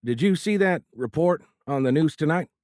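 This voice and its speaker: A jittery young fighter pilot with a thick Appalachian drawl, his voice pitched high and pushed loud, as a male narrator puts him on. He jokes in a tight, nervous way, and the read is close and dry. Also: animated, normal speed, dry recording, close to an everyday voice. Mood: worried.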